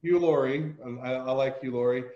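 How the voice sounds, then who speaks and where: Rambling Utah host, muffled roomy sound. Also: male voice, mid-range voice, moderate pace, dark tone. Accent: Utah, American. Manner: rambling, filler-heavy, digressive. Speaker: podcast host. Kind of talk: casual interview chat.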